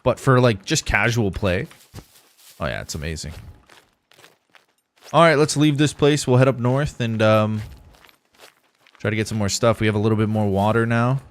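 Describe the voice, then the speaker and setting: A man's voice: lowish voice, moderate pace, long pauses. A young man streaming a survival game live, chatting casually with viewers as he plays. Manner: casual, rambling, talks to chat while playing. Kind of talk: live gameplay commentary.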